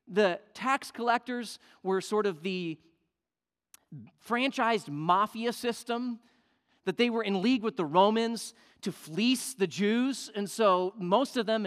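Male preacher, high pitch, dynamic emphatic sermon delivery, reverberant hall sound. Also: animated, a little slow. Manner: emphatic, swings from loud to hushed. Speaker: pastor. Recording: long reverb of a large hall.

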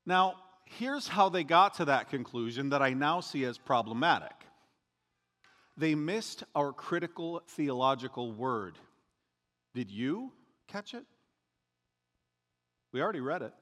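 A pastor delivers a sermon with a slightly higher voice and very lively, swinging pitch. He keeps it conversational, tossing in joking asides between his points. His voice rings out with a long reverb, as if he were in a church sanctuary. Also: measured pace, long pauses.

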